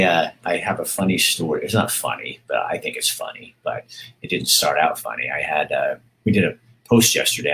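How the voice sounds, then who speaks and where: A man's voice: low-pitched, a bit bright, low-quality recording. A middle-aged man talking casually on a live stream, rambling with many fillers and greeting viewers as they join. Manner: rambling, hesitant, reads out viewer comments. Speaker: vlogger hosting a live stream.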